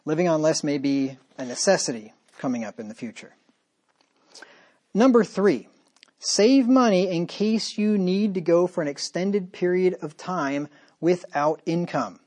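A man's voice: sits high, unhurried, darkish tone. A man preaching a sermon as pastor, talking straight to his listeners with emphatic repetition and rhetorical questions.

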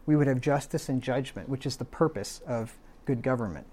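A man preaching a verse-by-verse sermon, working through word definitions in a deliberate way and often asking "right?". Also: mid-range voice, darkish tone. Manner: deliberate, lists synonyms, asks "right?".

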